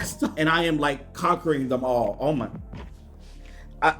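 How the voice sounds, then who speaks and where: A man vlogging an unboxing in an excited, casual way, laughing often and jumping high in pitch when thrilled. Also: measured pace, faint music behind. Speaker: YouTube vlogger.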